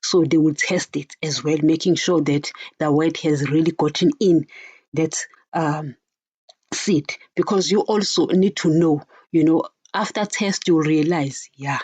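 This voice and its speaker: A woman's voice: sits low, steady tone, measured pace, darkish tone, breathy edge, no room sound, highs cut off. A woman preaching informally on a podcast, earnest and direct, often turning to her listeners with "guys" and "you know".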